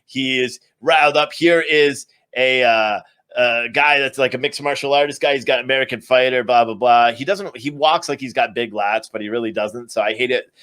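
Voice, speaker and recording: A man's voice: medium pitch, normal speed, fairly bright tone. A man live-streaming, giving a sarcastic, ranting commentary recap to his viewers. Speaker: livestream commentator.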